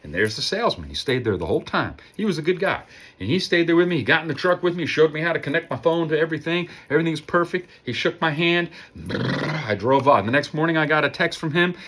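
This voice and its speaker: A man's voice: fairly high pitch, lively intonation, quick pace, fairly bright tone, a little hiss or hum. A man casually telling a personal story on his vlog, acting out the voices of the people in it. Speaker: vlogger.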